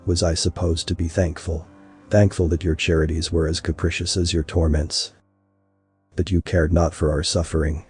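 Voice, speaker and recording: A man's voice: little pitch movement, moderate pace, a little mellow, faint music behind. A man voicing a vengeful, mocking human man who confronts a god, in a story reading. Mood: bitter. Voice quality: deep husky voice. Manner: mocking and bitter.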